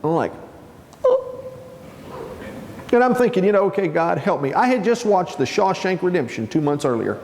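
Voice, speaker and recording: Keynote speaker, male, animated storyteller, bright high voice in a reverberant hall. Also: quick pace, hardly any pauses, background noise. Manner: animated, acts out voices of people in his story.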